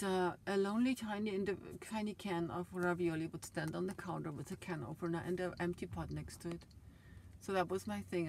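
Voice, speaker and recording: A middle-aged woman tells a rambling personal story, her voice sitting a little low. She swings between loud, heated bursts and soft asides. A faint hiss of noise sits under the recording. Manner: emotional, swings loud and soft, laughs often. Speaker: vlogger.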